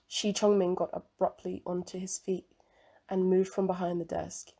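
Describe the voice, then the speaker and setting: A woman reading a novel aloud as scripted narration, in a measured, even storytelling manner. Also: on the low side, vocal fry, husky. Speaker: audiobook reader.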